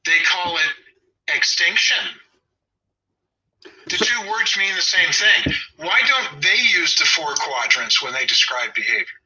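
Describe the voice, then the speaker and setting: A man's voice: fairly high pitch, expressive, a little slow, pushed and bright, breathy edge. A man in his sixties with a Southern Californian accent, a dog trainer talking in a casual chat, opinionated and wry, drifting into side stories. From Los Angeles. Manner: opinionated, wry, digressive storyteller. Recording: dull lo-fi audio.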